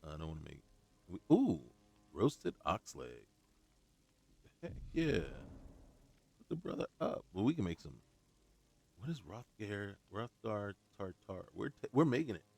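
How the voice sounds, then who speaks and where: A man with a low, gravelly voice narrates his game session in a loose, chatty way. He mumbles quietly to himself as he loots, then jumps up with lively, animated outbursts. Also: unhurried, pauses often, no room sound. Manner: talks to himself while looting, muttered asides and playful outbursts. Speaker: gaming YouTuber. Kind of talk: casual let's-play commentary.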